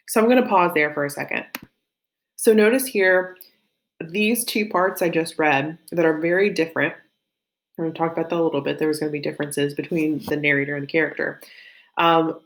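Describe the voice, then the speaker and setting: A woman with a light Southern US accent, teaching a literature lesson in a chatty, think-aloud way with frequent fillers and self-corrections. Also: sits low. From Southern United States. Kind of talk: recorded classroom lesson.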